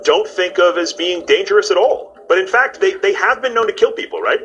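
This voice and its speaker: A man's voice: high voice, brisk, slightly rough, highs cut off. A man in his forties hosting a show, chatting playfully with a guest and narrating segments. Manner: playful, joking, lively delivery. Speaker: host. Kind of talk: energetic TV host chat and narration. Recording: music bed under the voice.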